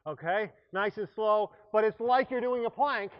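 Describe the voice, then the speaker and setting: Upbeat, joking fitness instructor. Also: male voice, sits high, moderate pace, muffled recording. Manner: upbeat, joking, breaks off mid-sentence. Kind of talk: coaching a workout class. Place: exercise room.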